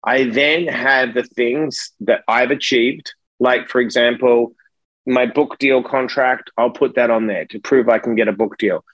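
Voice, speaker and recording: A middle-aged man talking in a casual podcast conversation, emphatic and profane, telling stories with animated energy. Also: medium pitch, a little slow, no room sound, dull audio.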